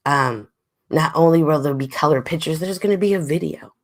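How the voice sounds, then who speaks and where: Reading viewers' chat comments aloud, this livestream host keeps things casual. Her deep voice is a little stuffy, and her brisk, lively delivery shifts between loud exclamations and quiet murmurs.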